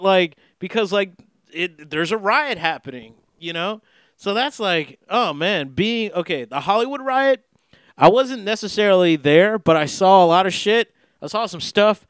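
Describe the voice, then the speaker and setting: A man's voice: high-pitched, a bit bright, clean tone, no room sound, clean studio sound. A young man from the Los Angeles area talking in a casual, rambling monologue, profane and full of fillers and restarts. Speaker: podcast host.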